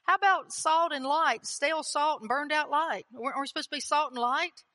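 A woman's voice: high voice, moderate pace, bright, forceful tone. A woman preaching a sermon in a chatty, conversational way, often putting questions to the congregation. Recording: long hall reverb.

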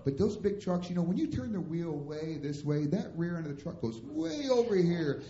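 A man preaching a comic, animated storytelling sermon as a missionary in a church, acting out the dialogue. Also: on the high side, normal speed. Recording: roomy church hall, dull lo-fi sound.

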